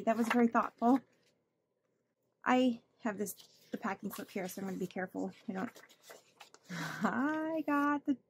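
A chatty woman with a higher, slightly husky voice, talking through her mail in a casual vlog. She gushes and laughs often, thanking people as she goes. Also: darkish tone. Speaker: budgeting channel host. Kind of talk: casual chat opening mail.

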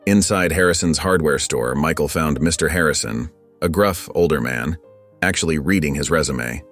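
Deep-voiced male narrator, calm and measured, over soft music. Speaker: storyteller. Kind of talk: scripted narration. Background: faint background music.

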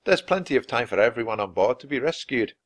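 A man's voice: mid-range voice, expressive, fast talker, dry recording, natural voice. Smug, condescending card player, a grown man , as a man reads him, amused and dismissive.

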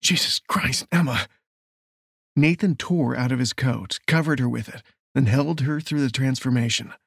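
A man reading a romance novel aloud in a steady, measured storytelling voice. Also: medium pitch, vocal fry, no room sound, studio quality. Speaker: audiobook narrator. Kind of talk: scripted romance narration.

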